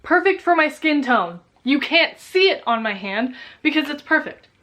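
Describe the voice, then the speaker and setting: A young woman talking about makeup in a casual vlog, dramatic and swearing, growing loud when excited. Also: high-pitched, moderate pace. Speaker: beauty vlogger.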